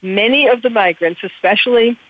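A woman's voice: on the high side, brisk. A woman hosting a talk show, delivering a frank, emphatic opinion monologue with frequent hesitant restarts. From United States. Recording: narrow phone-like radio audio.

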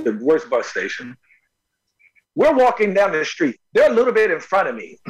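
Animated high-voiced man telling stories. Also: breathy edge, rough recording. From North Carolina, USA. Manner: animated, repeats words while telling a story. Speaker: actor guest. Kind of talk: casual storytelling interview.

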